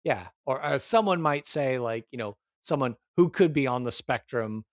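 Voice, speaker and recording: A man's voice: mid-range voice, expressive, moderate pace, no echo. Man, game master, casual chat, rambling, lots of fillers, dry close sound. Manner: rambling, many fillers and restarts.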